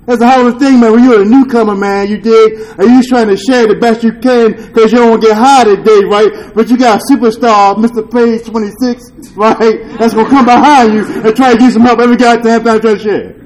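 A man with a notably high voice shares a candid testimony at a recovery meeting. He talks in loose street slang, swears freely, and keeps checking in with "you dig?" His tone is earnest and confessional. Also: fairly even intonation, fairly quick, hardly any pauses, a little mellow, rough recording. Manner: earnest and confessional, with rueful laughs. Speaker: speaker sharing at a recovery meeting.

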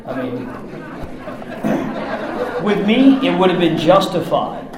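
Man, fairly high voice, gritty profane storyteller, very roomy echo. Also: big pitch swings, slow pace, a crowd in the background, background noise. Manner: rough-edged, profane, talks in run-on bursts. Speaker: storyteller recounting his past. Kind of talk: candid personal story. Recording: very echoey room.

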